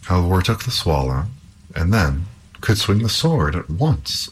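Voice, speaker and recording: A man reading an old folk tale aloud in an expressive storytelling manner. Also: low-pitched, a little slow, husky, poor audio.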